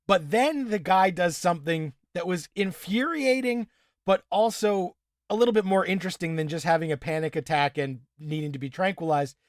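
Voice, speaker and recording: A man chats through a TV episode on his podcast and keeps slipping into the characters' lines as he retells scenes. His voice sits a little high, and the sound is dry and close to the mic. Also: no room sound. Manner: animated recapping, acts out characters' lines. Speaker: podcast co-host. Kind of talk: casual TV episode discussion.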